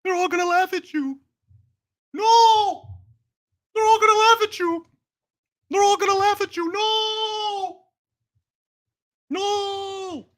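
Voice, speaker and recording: A man putting on a shrill, high, sing-song voice to taunt someone, with his voice drifting away from the microphone. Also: takes it slowly, long pauses, fairly bright tone, exaggerated voice.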